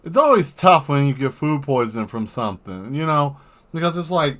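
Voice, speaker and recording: A man's voice: fairly high pitch, big pitch swings, normal speed, fairly bright tone. A man chatting casually on a livestream while drawing, rambling into exaggerated comic rants and swearing freely. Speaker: artist streaming while drawing.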